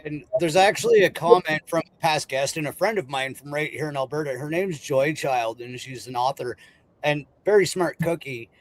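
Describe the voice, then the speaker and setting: A male host talks in an easy, casual way, his voice sitting a little high for a man. He chats loosely while he introduces a comment from a friend. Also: animated, normal speed, a little hiss or hum, rough recording. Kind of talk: casual chat.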